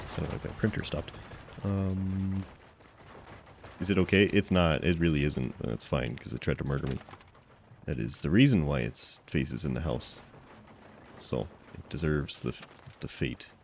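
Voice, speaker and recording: A man's voice: rumbling low, a little slow, creaky, long pauses, a little hiss or hum. A man streaming a game live, chatting with viewers in playful, mock-offended banter with stammering restarts.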